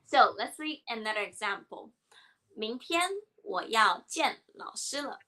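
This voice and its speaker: A woman's voice: a little high, lively intonation, a little slow, pushed and bright, rough recording. A woman co-hosting a Chinese grammar lesson, explaining examples in an upbeat, encouraging way. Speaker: Chinese teacher.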